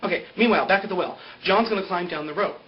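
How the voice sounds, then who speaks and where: A young man with a slightly high voice rattles through a TV episode recap, loose and chatty, packing in "like" and "you know" and laughing at his own jokes. The sound is dull and lo-fi, like a home video setup. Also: fast talker, a little hiss or hum. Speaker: TV recap vlogger. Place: indoor greenscreen video setup.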